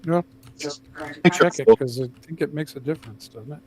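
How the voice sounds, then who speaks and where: A man with a fairly high voice joins a tabletop naval wargame. He chimes in with short confirmations and quick questions about the rolls. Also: mellow. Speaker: player. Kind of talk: casual tabletop game chat.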